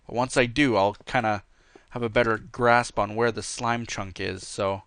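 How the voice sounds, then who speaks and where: Bright, crisp-voiced man playing a game. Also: lowish voice, steady tone, normal speed, no room sound. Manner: rambling, easygoing, with many fillers. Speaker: let's play host. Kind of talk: casual gameplay commentary with viewer Q&A.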